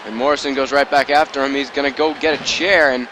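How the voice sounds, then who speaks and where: A man calling wrestling play-by-play in an excited, rambling amateur style, full of asides and self-corrections. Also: medium pitch, quick pace, hardly any pauses, a faint crowd, slight background noise, low-quality recording. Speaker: play-by-play commentator.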